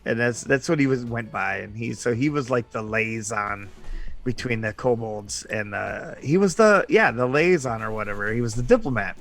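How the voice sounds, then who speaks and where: A man's voice: medium pitch, lively intonation, moderate pace, creaky, fairly bright tone, soft background music. A man telling a rambling, profanity-heavy story from a tabletop game, laughing often. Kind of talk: casual storytelling.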